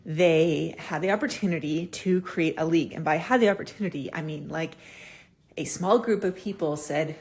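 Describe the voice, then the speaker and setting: Lively swearing woman on a casual podcast. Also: low-pitched, moderate pace. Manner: animated, swears freely, acts out quoted dialogue. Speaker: podcast host. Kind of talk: casual solo podcast talk.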